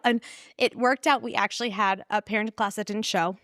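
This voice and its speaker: A woman guest telling an earnest personal story in a casual interview, laughing often and animated in her retelling. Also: mid-range voice, a little fast, no room sound, studio quality. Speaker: pregnancy center staff guest.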